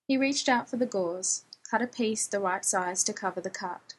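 Husky woman narrating fiction. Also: mid-range voice, moderate pace. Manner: wry, conversational, profane.

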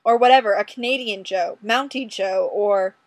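A woman's voice: medium pitch, moderate pace, no echo, natural voice. Brash male cop, blunt and insistent, read by a woman, dry close sound. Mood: exasperated. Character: wisecracking male Chicago detective, brash.

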